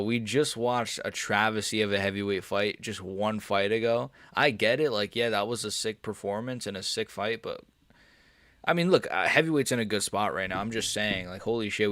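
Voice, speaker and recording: Young male streamer, low voice, dry close sound, excitable live reactions with swearing. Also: moderate pace, dry recording. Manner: excitable, swings from mumbling to yelling, swears and laughs often.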